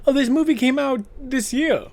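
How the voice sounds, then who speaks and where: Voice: high voice, moderate pace, darkish tone. A podcast host in a casual horror movie review chat, rambling and self-interrupting, laughing often and swearing casually.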